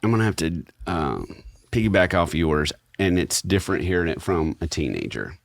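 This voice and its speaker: A middle-aged man hosting a casual podcast discussion, telling stories in a relaxed, reflective way. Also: low voice, moderate pace, creaky, no echo, studio quality. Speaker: podcast host.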